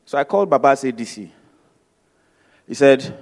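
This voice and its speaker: A man's voice: mid-range voice, big pitch swings, moderate pace, pauses often, a little mellow. Emphatic Nigerian man in a big hall. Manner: emphatic, repetitive, acts out dialogue. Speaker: speaker. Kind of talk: motivational talk with storytelling. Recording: long hall reverb.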